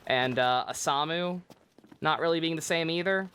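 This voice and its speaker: A woman's voice: low-pitched, moderate pace, fairly bright tone, slight background noise. A woman livestreaming a game, chatting casually in a rambling way with many restarts and frequent swearing. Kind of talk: casual gameplay commentary.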